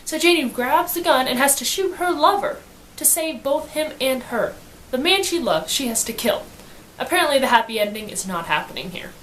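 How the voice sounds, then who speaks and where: A woman giving a casual book summary in slangy, animated storytelling, acting out quotes as she goes. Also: high voice, moderate pace, slight background noise. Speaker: student reviewer.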